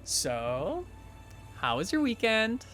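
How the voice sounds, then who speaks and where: A man's voice: sits high, huge pitch swings, takes it slowly, fairly bright tone, faint music behind, pitched above the performer's own voice, exaggerated voice. A man doing a chatty teasing schoolgirl. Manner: gossipy, rambling, full of "like".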